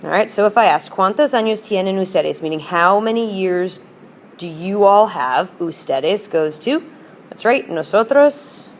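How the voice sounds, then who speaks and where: A woman's voice: medium pitch, expressive, measured pace, a little hiss or hum. A woman teacher explaining grammar in a patient, upbeat lesson and modelling example phrases for students. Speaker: Spanish teacher. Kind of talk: recorded classroom lesson.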